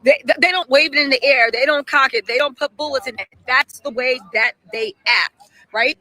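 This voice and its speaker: A woman with a high-pitched, pushed, bright voice hosts a casual live stream, chatting animatedly at a moderate pace. She reads out viewer messages and fires off emphatic rhetorical questions, and the recording is rough.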